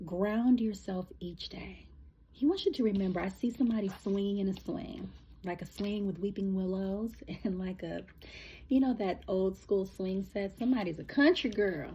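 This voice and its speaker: A woman giving a casual spiritual reading, rambling and emotional, with many halting fillers. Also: medium pitch, warm tone, a little hiss or hum. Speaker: spiritual reader.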